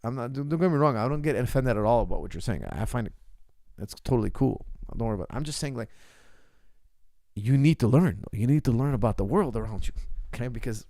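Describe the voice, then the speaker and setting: A man's voice: mid-range voice, lively intonation, fast, warm tone, dry recording, studio quality. A martial arts coach holding forth in a casual Q&A, emphatic and lecturing, mimicking critics' questions to make his point. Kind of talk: casual Q&A monologue. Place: lives in Canada.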